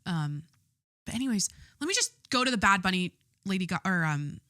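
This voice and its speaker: A young woman rambles through her week on her own podcast, swearing freely and filling pauses with "um" and "like." Her voice sits fairly low and sounds a little stuffy from a head cold. The recording is dry and close, with no room echo. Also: expressive, bright, forceful tone. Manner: candid and profane, lots of fillers. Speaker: podcast host. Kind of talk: casual solo podcast monologue.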